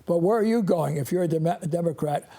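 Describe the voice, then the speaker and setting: Gravelly old priest, rambling warmly. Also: male voice, on the high side. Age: 80s. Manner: halting, with frequent restarts and chuckles. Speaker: priest hosting a call-in show. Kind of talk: rambling call-in storytelling.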